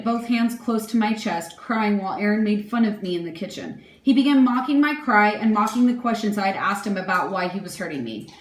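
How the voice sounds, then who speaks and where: A young woman reading her prepared impact statement aloud in a measured, earnest way. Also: fairly high pitch, a little mellow, reverberant. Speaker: victim giving an impact statement.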